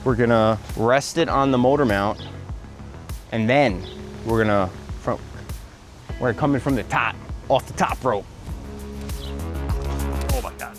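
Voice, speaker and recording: A man's voice: mid-range voice, measured pace, long pauses, music in the background. A man hosting a vlog, working on a car in a garage and telling a story in a joking, casual way that includes some swearing. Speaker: vlog host doing car repairs. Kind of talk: casual hands-on narration and storytelling.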